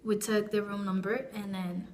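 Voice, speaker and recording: A woman's voice: medium pitch, flat delivery, normal speed, a little mellow, a little hiss or hum. A young woman vlogger telling a personal story in a casual, rambling way, with frequent restarts and asides.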